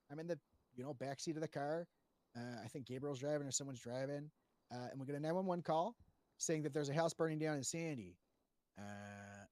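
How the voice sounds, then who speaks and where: A man's voice: fairly high pitch, a little mellow, dry recording. A man retelling roleplay events to a panel in a rambling, profane way, full of fillers and restarts. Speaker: roleplay player giving testimony to a panel.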